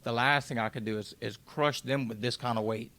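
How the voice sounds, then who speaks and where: A man's voice: medium pitch, steady tone, fairly quick, a bit bright. A man in his twenties, a podcast guest telling his personal story in a candid, raw way and swearing freely.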